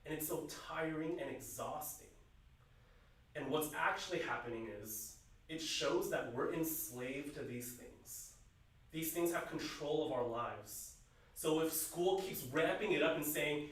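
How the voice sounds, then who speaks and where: Man giving a youth sermon, slightly high voice, heavy echo, a bit off mic, asks listeners questions. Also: expressive, a little slow. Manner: earnest preaching, rising to loud emphasis, dropping to quiet. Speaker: youth pastor. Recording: very echoey room, voice from some distance.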